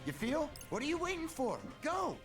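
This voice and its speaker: An actor playing a brash, tough young street punk who talks slangy and cocky, heard in game audio from a distance over music. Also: male voice, very high-pitched, wildly swooping pitch, normal speed, a bit bright, full character voice. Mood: urgent. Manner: slangy, cocky, says yo and y'all.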